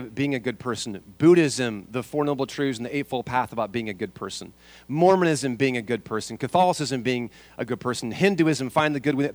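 A man's voice: a little high, no room sound. A man preaching a sermon as a pastor, asking the congregation rhetorical questions and repeating his key lines.

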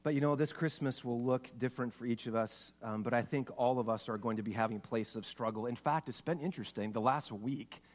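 A man in the pulpit talks through his sermon in a direct, conversational way. He is earnest and sincere, and he piles up short lists of words one after another. His voice sits at an ordinary middle pitch. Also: brisk, few pauses, big-room sound. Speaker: pastor.

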